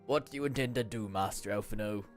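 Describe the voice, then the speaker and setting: A man's voice: on the low side, quick pace, faint music behind, natural voice. A man voicing a dignified older nobleman in a fantasy game, speaking formally and courteously. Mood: stately.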